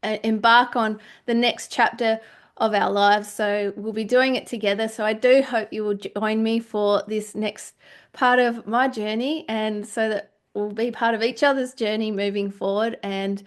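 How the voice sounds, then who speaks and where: A woman's voice: mid-range voice, fairly even intonation, a little slow. A woman hosting her own podcast, talking alone in a chatty, heartfelt, rambling way. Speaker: podcast host. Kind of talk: casual solo monologue.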